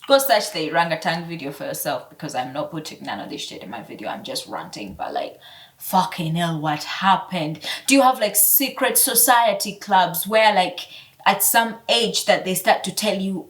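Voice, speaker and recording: A woman's voice: expressive, normal speed, recorded from a distance. Heated ranting woman in her twenties. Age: 20s. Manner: heated, profane, swinging from loud outbursts to low mutters. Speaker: vlogger. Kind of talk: casual rant to camera.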